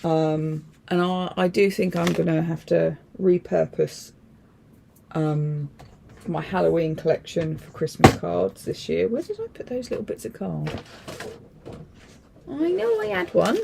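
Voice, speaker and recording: A woman's voice: fairly low pitch, a little slow, creaky, background noise. A woman hosting a casual crafting livestream, rambling and thinking aloud in a chatty, self-deprecating way.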